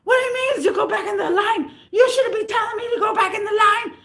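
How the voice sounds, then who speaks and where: A woman putting on the voice of an angry male customer, shrill and yelling, half laughing as she mocks him in a storytime vlog. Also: fairly quick, creaky, exaggerated voice. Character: angry adult male customer, shouting, indignant.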